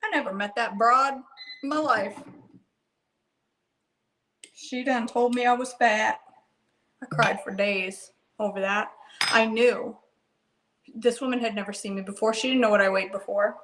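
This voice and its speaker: A woman's voice: fairly high pitch, a little slow, long pauses, a bit bright, roomy sound, rough recording. A woman hosting a live cooking show from her home kitchen, chatting to herself and her viewers in folksy slang as she works. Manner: chatty, talks to herself and viewers while working.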